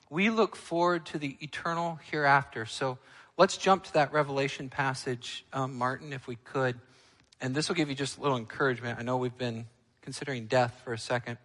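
Emphatic preacher in a reverberant hall. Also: male voice, a little high. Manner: emphatic preaching, swings from loud to quiet. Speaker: pastor. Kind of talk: sermon.

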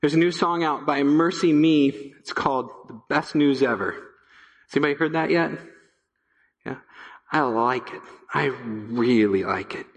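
A male pastor preaching a sermon to his church, emphatic, repeating key phrases and dropping to a low hush. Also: a little slow, in a large hall, highs cut off. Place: church sanctuary.

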